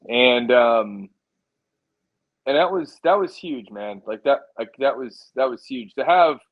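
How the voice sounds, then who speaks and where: A male musician in a casual interview, telling a story in a rambling, animated way, full of fillers like "like" and "dude". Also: medium pitch, unhurried, muffled recording. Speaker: musician guest.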